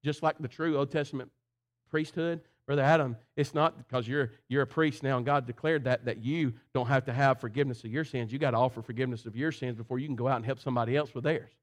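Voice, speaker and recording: A man's voice: medium pitch, fast talker. A male preacher who tells a story as he preaches. He calls out to congregants by name between lines. His delivery rises and falls with the tale. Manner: animated, addresses congregants by name. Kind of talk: sermon with storytelling.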